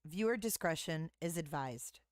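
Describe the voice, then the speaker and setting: A woman hosting a podcast, narrating and commenting in a measured, serious way. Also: low-pitched, expressive. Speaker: podcast host. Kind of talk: true-crime podcast narration.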